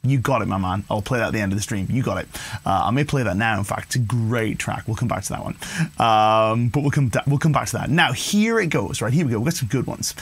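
Husky-voiced man teaching guitar live. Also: lowish voice, quick pace. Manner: relaxed, chatty, encouraging, addresses viewers as "you guys". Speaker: guitar teacher hosting a livestream. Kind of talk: live guitar lesson, reading chat comments. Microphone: livestream mic with guitar playing. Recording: guitar music faintly behind.

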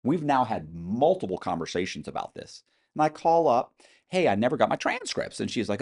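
A middle-aged man telling animated stories as a podcast guest, acting out quoted voices with some swearing. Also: on the low side, a little fast. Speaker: interview guest. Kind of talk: storytelling in a podcast interview.

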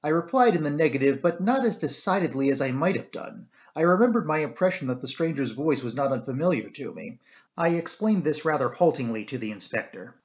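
Man, audiobook narrator, calm even reading, fairly high voice. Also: fairly quick. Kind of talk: first-person storybook narration.

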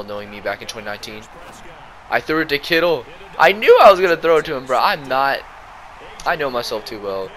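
A young man with a sore throat giving slangy, excitable commentary over his own old football video game match. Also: fairly low pitch. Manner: excitable, slangy, jumps between play-by-play and rants. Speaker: gaming YouTuber. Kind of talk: gameplay commentary.

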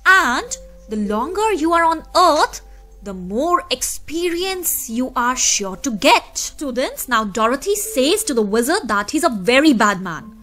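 A woman's voice: high voice, very animated, measured pace, a bit bright, faint music behind. A woman teacher patiently explaining a story, its words and meanings to her students. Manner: patient explaining, addressing kids.

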